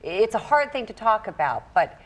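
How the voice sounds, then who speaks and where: A woman guest co-hosting a talk show, speaking earnestly and haltingly about a hard personal topic. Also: a little high, big pitch swings. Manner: earnest, halting, searching for words.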